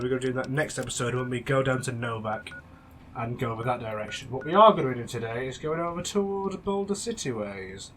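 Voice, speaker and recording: A man's voice: mid-range voice, a bit bright, a little hiss or hum. Chatty man teasing through gameplay. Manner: chatty, teasing, rambling with restarts. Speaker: let's play gamer. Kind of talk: casual gameplay commentary.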